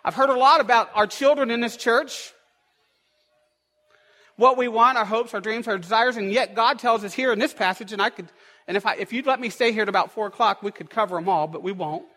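A man's voice: high-pitched, brisk, bright, forceful tone. A man preaching a sermon as pastor in a church, with an emphatic, repetitive cadence. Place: church sanctuary. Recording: long echo of a large hall.

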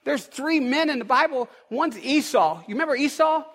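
A man with a strikingly high voice preaches to his congregation, his pitch swinging up and down as he builds his points. His emphatic, repeated phrases roll out into the long echo of a large church hall. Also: expressive, moderate pace, a bit bright. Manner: emphatic, repetitive preaching cadence. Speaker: pastor. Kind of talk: sermon. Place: church sanctuary.

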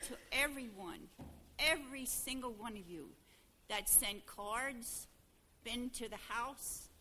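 Slow, bright older woman, Pennsylvania Dutch accent. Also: a little high, a little hiss or hum. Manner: slow, homely storytelling. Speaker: church member addressing the congregation. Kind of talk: personal testimony speech. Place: church service.

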